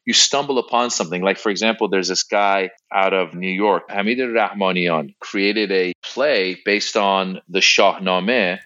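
A man's voice: low-pitched, sharp tone, dull audio. A middle-aged man with an American accent, talking casually as an interview guest, rambling a little with restarts and asides. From Iran.

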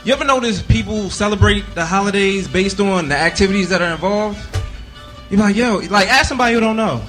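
A man's voice: sits high, fast talker, a bit bright, soft background music. A man doing stand-up comedy with laid-back, drawling asides on a stage mic.

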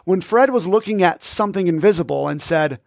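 A man's voice: sits high, animated, brisk, vocal fry, no room sound. A man hosting a podcast, giving scripted, upbeat, instructive narration into a close mic. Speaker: podcast host.

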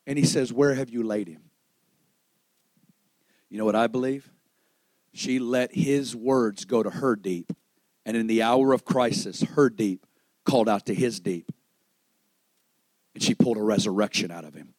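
A man preaching a sermon to a church service, swinging between loud, raised peaks and hushed, low lines and acting out the voices of the people in his story. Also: moderate pace, long pauses, no room sound, low-quality recording. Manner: acts out quoted voices in storytelling.

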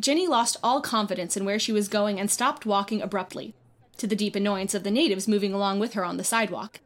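A woman reading a short story aloud as narrator, in an expressive, lively storybook style. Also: mid-range voice, fairly quick. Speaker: audiobook reader.

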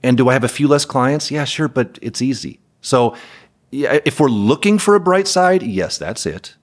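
A man's voice: mid-range voice, lively intonation, moderate pace. A man who runs a property management company, speaking as a podcast guest in a candid, wry way with chuckles. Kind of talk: podcast interview conversation.

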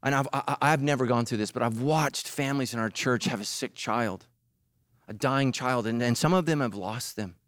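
A male pastor preaching a sermon in an animated, emphatic way, mixing jokes with serious points. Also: medium pitch, moderate pace, no room sound, studio quality.

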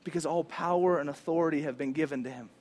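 A male pastor preaching a sermon in an animated, casual, conversational way, using slang. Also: on the high side, quick pace.

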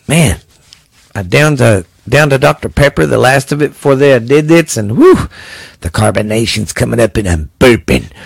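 A man's voice: mid-range voice, creaky, no room sound. Laid-back podcast host man, dry sound. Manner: laid-back, filler-heavy, says man and cuz. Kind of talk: casual podcast chat.

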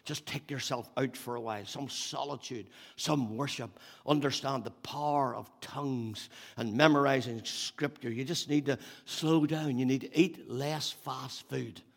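A man's voice: medium pitch, a little slow, creaky. An older man preaching a sermon, repeating phrases for emphasis.

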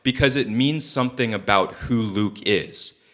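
A man's voice: medium pitch, measured pace, bright, forceful tone. A young man preaching a casual sermon, chatty and loose, with many fillers and joking asides.

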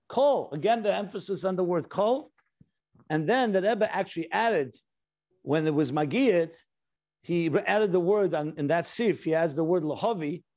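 A man's voice: sits high, a little mellow. A man, a rabbi, teaching a Torah class, explaining points step by step and stressing key words, mixing in Hebrew and Yiddish terms. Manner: reads quoted passages aloud. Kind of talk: Torah lecture.

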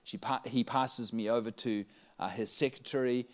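A man preaching a sermon, telling a story to his audience in an animated way, laughing often and raising his voice as he gets excited. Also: medium pitch, moderate pace.

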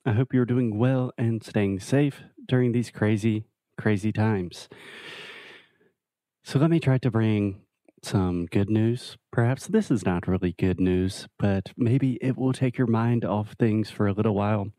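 A man's voice: fairly low pitch, unhurried, warm tone, no room sound, clean studio sound. A man hosting a casual English lesson video, explaining ideas with friendly everyday examples. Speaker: English teacher.

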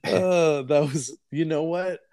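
A man's voice: on the high side, steady tone, slow pace, warm tone, dry recording. A man co-hosting a podcast in casual chat, rambling and laughing easily. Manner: chatty, laughs often, rambles between film titles. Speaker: podcast co-host.

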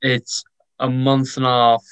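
A man's voice: mid-range voice, monotone, a little slow, clean tone, no echo. A man co-hosting a casual podcast, talking in an upbeat and agreeable way. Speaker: podcast co-host.

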